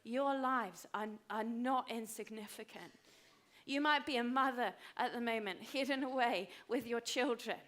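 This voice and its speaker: A woman in her fifties preaching a sermon, emphatic and repeating phrases for weight, dropping to a hush for personal stories. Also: on the high side, a little slow. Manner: drops to a hushed voice for personal stories. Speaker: pastor.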